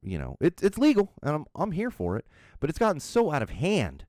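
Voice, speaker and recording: A middle-aged podcast host tells funny stories about himself on a solo show, animated and chuckling as he pokes fun at his own mishaps. His voice leans high and a little fast, recorded with studio quality and no room sound.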